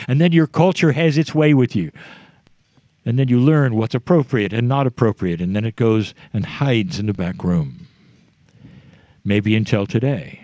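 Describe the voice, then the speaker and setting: Slow, measured man channeling a message. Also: on the high side, a little mellow, no echo. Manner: slow, measured phrasing in short pauses, addressing listeners directly. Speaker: spiritual channeler. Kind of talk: channeled spiritual message to a live audience. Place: live gathering with an audience.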